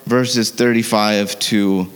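A man's voice: fairly low pitch, fairly even intonation, takes it slowly, clear, resonant tone. Man preaching in a reverberant church hall. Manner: conversational, with fillers and self-corrections. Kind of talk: sermon.

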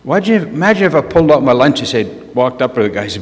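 A man preaching, telling a personal story in an animated way and laughing at himself. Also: mid-range voice, quick pace, hardly any pauses. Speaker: preacher sharing a testimony. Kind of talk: storytelling sermon. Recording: long reverb of a large hall.

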